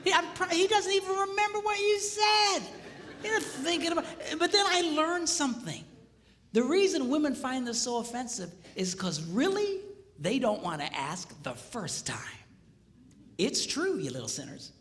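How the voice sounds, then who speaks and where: A male pastor and marriage speaker tells comic stories, acting out each exchange with lively swings in pitch. His voice is bright and forceful. The talk echoes through a large hall, with a faint hiss behind it. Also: moderate pace. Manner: animated storytelling, acting out dialogue. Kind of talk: comedic seminar talk.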